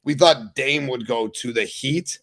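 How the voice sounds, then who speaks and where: A young man hosting a sports podcast, talking loosely and excitedly, with swearing. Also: mid-range voice, unhurried, vocal fry. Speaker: podcast host. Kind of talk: casual sports talk.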